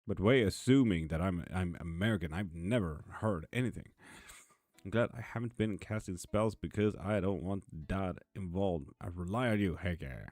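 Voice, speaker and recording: A man's voice: low voice, normal speed, darkish tone, no echo. A man hosting a live tarot stream, chatting casually and bluntly as he answers viewers by name. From Sweden. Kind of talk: casual live-stream chat reading comments. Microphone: streaming mic.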